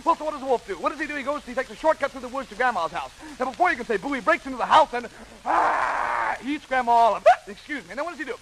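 A man telling a fairy tale as rapid-fire comedy, full of wisecracks and rhetorical questions. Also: very high-pitched, expressive, fairly bright tone, a little hiss or hum, rough recording. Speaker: comic storyteller.

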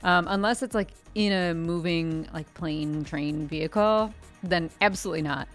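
A woman co-hosting a radio show in a studio, chatting casually with dry, deadpan quips. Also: on the low side, moderate pace, soft background music. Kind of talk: casual banter.

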